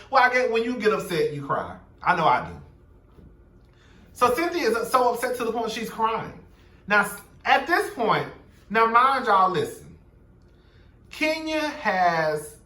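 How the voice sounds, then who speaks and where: A man's voice: high voice, sharp tone, echoey room, recorded from a distance. A young man giving a sassy, blunt, profane recap of a reality TV episode, gossiping and quoting the cast. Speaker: show recap commentator.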